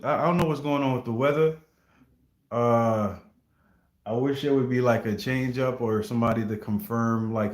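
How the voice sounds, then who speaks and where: A man with a lowish, darkish voice hosts a casual reaction livestream, recorded with a roomy sound. He rambles easily with viewers, constantly dropping fillers such as "you know what I mean."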